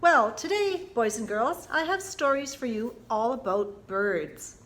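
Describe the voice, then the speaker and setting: Woman children's librarian, high and slow, playful storytime reader who leads kids in actions. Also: big pitch swings, a bit bright. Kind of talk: family storytime reading for young children.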